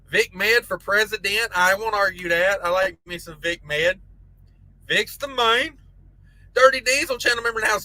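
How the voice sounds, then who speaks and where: Joking trucker man, bright high voice. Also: low-quality recording. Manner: crude joking banter, laughs often. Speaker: trucker live-stream host. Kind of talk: casual live-stream chat reading super chats.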